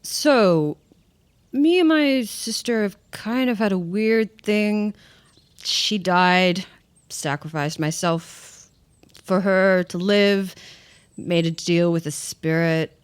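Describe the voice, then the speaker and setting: A woman's voice: mid-range voice, slow pace, clean tone. A woman playing a tabletop role-playing game, chatting and laughing as she describes what her character does. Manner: chatty, giggly, talks with filler words. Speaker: player. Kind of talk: casual tabletop play.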